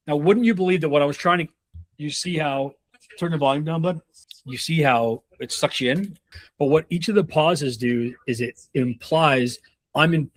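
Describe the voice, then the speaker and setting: A man in his thirties coaching on a call, casual and rambling, with many fillers and restarts. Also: a little high. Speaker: sales leadership coach.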